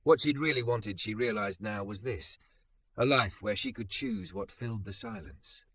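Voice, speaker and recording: Man, narrator, soft lingering storytelling, dry close sound. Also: medium pitch, big pitch swings, normal speed, no room sound. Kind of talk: scripted romance narration.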